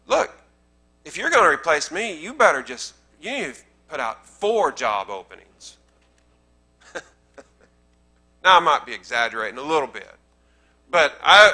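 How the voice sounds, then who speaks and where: Emphatic Southern preacher with a bright voice. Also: male voice, on the high side. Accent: Southern American. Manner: conversational preaching that swells into emphatic repetition. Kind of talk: sermon. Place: church sanctuary.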